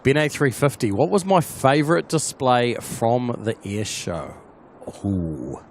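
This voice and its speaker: A New Zealand man talks easily through a live plane-spotting stream, greeting viewers by name and calling out flights as they pass. His voice sits at an ordinary middle pitch. Faint traffic and outdoor hum run underneath. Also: animated, a little slow. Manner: chatty, answers viewer comments by name. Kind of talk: casual live-stream commentary.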